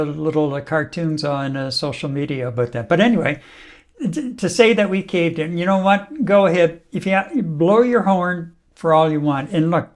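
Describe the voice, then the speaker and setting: Wry talk show host, slightly high-pitched man.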